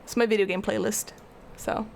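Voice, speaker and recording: A woman's voice: medium pitch, fairly even intonation, brisk, creaky, a little mellow, slight background noise. A young woman art streamer rambling casually as she answers her live chat.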